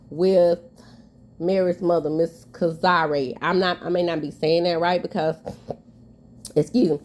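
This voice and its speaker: A woman's voice: on the low side, a little mellow. Stuffy-nosed woman with a sassy, candid delivery. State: stuffy nose. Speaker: commentary vlogger. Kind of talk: casual commentary.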